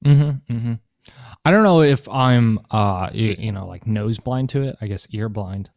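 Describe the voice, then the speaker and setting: A young man co-hosting a podcast, chatting in a relaxed, joking way and agreeing easily. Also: on the low side, unhurried, no room sound. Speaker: podcast co-host. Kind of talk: casual chat.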